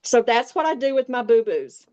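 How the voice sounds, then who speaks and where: A woman's voice: fairly high pitch, very animated, moderate pace, a little mellow, highs cut off. A sixty-year-old woman with a Southern Appalachian accent, chatting folksily through a casual makeup tutorial and talking straight to viewers. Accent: Southern Appalachian American. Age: 60s. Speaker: makeup vlogger.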